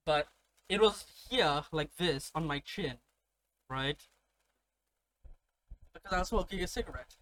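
A man's voice: on the high side, lively intonation, a little slow, long pauses, fairly bright tone. A young man from India telling stories in casual profane chat, laughing often. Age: young adult.

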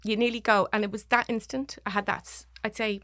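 A woman with a Dublin Irish accent, a podcast guest telling a personal story in halting, restarting sentences and voicing what others said. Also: mid-range voice, flat delivery, a bit bright, dry recording, studio quality. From Ireland. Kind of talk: personal story told in conversation.

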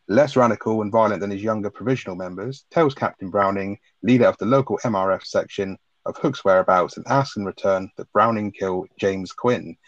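A man co-hosting a podcast, reading a plot summary and chatting about a film in a relaxed way. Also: on the low side, dry recording. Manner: relaxed, laughs, tag questions. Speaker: podcast co-host. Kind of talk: reading a plot summary, then casual chat. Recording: dry, slightly dull mic sound.

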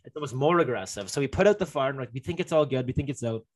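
A man's voice: medium pitch, expressive, very fast. Young man rambling through a story. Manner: rambling, many fillers and restarts. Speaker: guest telling a story. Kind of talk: casual chat.

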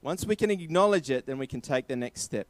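A man's voice: fairly high pitch, expressive, a little fast, dry recording. Emphatic male preacher, dry sound. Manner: emphatic, repeating key phrases. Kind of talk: sermon.

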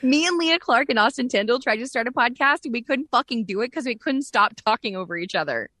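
A woman's voice: fairly high pitch, lively intonation, quick pace, sharp tone, no echo, studio quality. A woman who works as a voice actress and director, talking openly and chattily as a podcast guest and acting out sounds in her stories. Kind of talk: candid casual podcast chat.

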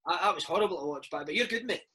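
Fast, bright-voiced Scottish man. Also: high voice, slightly rough. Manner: chatty storyteller, animated, full of slang. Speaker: podcast host and former footballer, interviewee. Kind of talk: casual chat.

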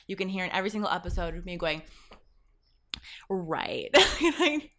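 A woman's voice: mid-range voice, big pitch swings, fast talker, a bit bright. A woman hosting her own podcast as a pleasure coach, talking casually in a home office, swearing freely and laughing often. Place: home office with a fan running. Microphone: sensitive studio mic up close.

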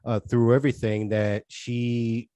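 A man's voice: medium pitch, little pitch movement, unhurried, warm tone, no echo. A man co-hosting a casual podcast chat, talking in long earnest rambles that trail off and restart. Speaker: podcast co-host.

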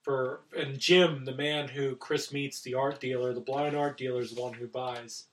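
A man's voice: mid-range voice, fairly even intonation, normal speed, far from the mic, rough recording. A man recapping a film's plot in a casual chat, with some fillers.

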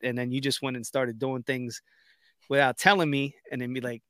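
Animated man in casual chat. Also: medium pitch, a little fast, dry recording, studio quality. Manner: animated storyteller, acts out quotes. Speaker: podcast co-host.

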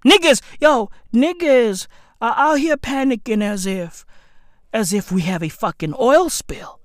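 A high-voiced woman, a comedic podcaster, delivers a profane rant monologue at home with a neighbor's dog nearby. Unhurried but lively in intonation, she's boastful, slangy, shouty and laughing, and calls listeners bruv.

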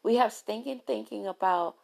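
A woman giving a candid motivational talk on relationships, telling stories with lively, playful asides. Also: medium pitch, moderate pace, creaky. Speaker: relationship speaker.

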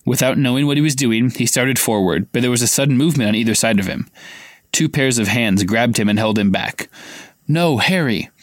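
A man's voice: medium pitch, fairly quick, no echo. Man reading a novel aloud, dry sound. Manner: reads dramatically, acting out dialogue with raised voice. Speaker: podcast co-host reading aloud. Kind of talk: casual live read-aloud of a novel.

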